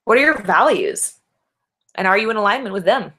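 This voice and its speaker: A woman's voice: medium pitch, animated, fairly quick, bright, forceful tone. A middle-aged woman life coach, talking alone to a camera in an encouraging way and often asking her listeners rhetorical questions. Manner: encouraging, asks many rhetorical questions with tag "right?".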